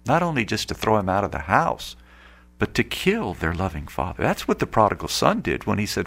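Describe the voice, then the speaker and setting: A man's voice: on the low side, big pitch swings, brisk, vocal fry, a bit bright. A man preaching an earnest Catholic radio sermon, rising now and then to emphatic outbursts.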